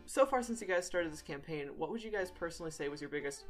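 Giggly lower-voiced woman podcast co-host. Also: animated, fast talker, soft background music. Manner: giggly, playful, reads questions aloud. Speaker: podcast co-host reading listener questions. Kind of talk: casual chat.

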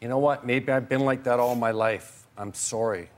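An older man, a father appearing as a talk show guest, who speaks in a halting, remorseful and apologetic way. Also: medium pitch, steady tone.

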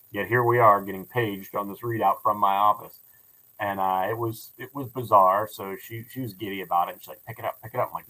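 Man, lowish bright voice, lively storyteller, podcast guest, lots of restarts. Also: low-quality recording. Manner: animated storyteller with many restarts. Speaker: building owner and ghost tour operator. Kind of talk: casual podcast interview.

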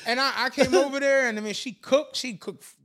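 A man spinning a story on a casual podcast, breaking into laughter again and again. He acts out the other people in the tale as he goes, and the talk stays loose and lively. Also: very high-pitched, a little fast. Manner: laughing, animated storytelling with voiced quotes. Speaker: podcast co-host.

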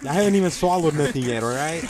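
A man telling crude stories in casual chat among friends, full of slang and swearing. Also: on the high side. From small town. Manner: profane slangy storyteller, animated. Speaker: podcast guest telling stories.

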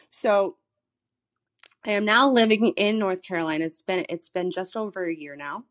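A woman in her thirties from Florida, a human design coach, telling a personal story in a casual, animated way, swearing freely and often restarting her words. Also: mid-range voice. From Florida, USA. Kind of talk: casual storytelling in a live audio room. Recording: live social audio room recording.

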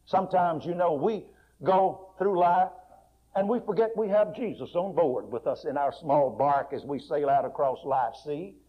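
Male preacher, folksy dramatic sermon, husky voice, muffled lo-fi recording. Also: medium pitch. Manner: folksy, dramatic retelling with sudden soft and loud swings. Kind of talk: sermon storytelling.

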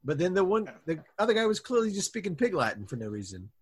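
A man's voice: high voice, very animated, fast talker, husky. A man performing in an improv comedy podcast sketch, asking bemused, laughing questions.

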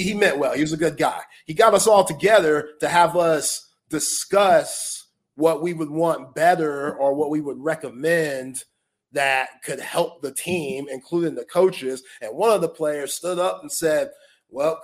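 A man co-hosts a casual sports podcast, spinning an animated tale from his junior college basketball days. He talks in a slightly high register, peppers his story with "like" and "you know," and laughs often. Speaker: co-host, former junior college basketball player.

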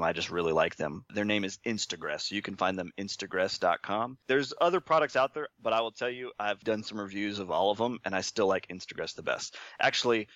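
A man being interviewed, telling his story in a relaxed, self-deprecating way and chuckling often. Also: sits low, no echo, highs cut off. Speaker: interview guest.

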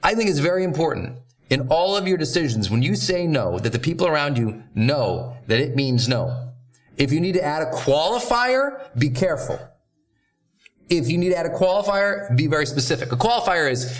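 A man hosting a motivational training talk, coaching in a direct, emphatic way with quick asides. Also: a little high, big pitch swings. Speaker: host and coach.

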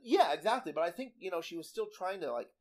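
A young man with a fairly high voice co-hosts a casual podcast. He talks in a loose, chatty way, full of fillers and restarts. He laughs easily as he talks. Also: lively intonation, quick pace. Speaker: podcast co-host. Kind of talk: casual chat recapping a TV baking show.

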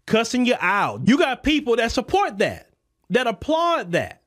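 Impassioned high-voiced man ranting. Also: wildly swooping pitch, normal speed, fairly bright tone. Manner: impassioned, repetitive, preacher-like cadence. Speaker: podcast host. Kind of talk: political commentary monologue. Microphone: podcast microphone.

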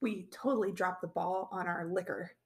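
A woman's voice: fairly low pitch, steady tone, normal speed. A woman co-hosting a podcast, chatting casually and explaining things to her friends. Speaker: podcast co-host. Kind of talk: casual chat.

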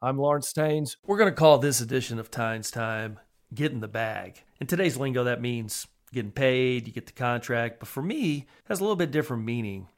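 A man's voice: mid-range voice, brisk, few pauses. A man who played football, co-hosting a sports podcast, speaking earnestly and telling stories from his playing days. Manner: earnest, conversational storyteller. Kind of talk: casual sports podcast chat and storytelling.

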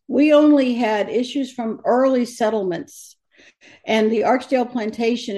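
A woman with a slightly high voice tells her stories in an animated, conversational way. She brings the people she quotes to life as she talks, like a guest sharing experiences in an interview. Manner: animated storyteller, quotes others in lively voices. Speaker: guest, medium who crosses over the dead.

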